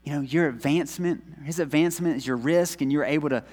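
A man preaching a sermon in a relaxed, conversational way, telling stories and repeating key phrases. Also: fairly high pitch, quick pace, big-room sound. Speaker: pastor.

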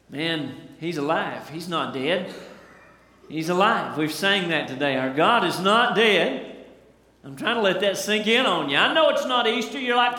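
A man's voice: sits high, expressive, moderate pace, pushed and bright, a little hiss or hum. A male pastor preaching a fervent, emphatic sermon in a church sanctuary, recorded in an echoey hall.

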